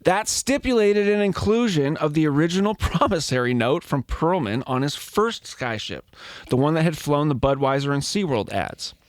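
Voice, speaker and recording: A man's voice: a little high, sing-song, normal speed, dry recording, studio quality. A man hosting a casual comedy podcast, reading his notes aloud with playful asides. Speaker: podcast host.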